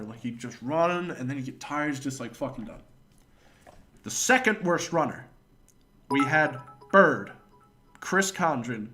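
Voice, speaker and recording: A male streamer telling a story in casual chat, animated and swearing freely, pausing to thank donors. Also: fairly high pitch.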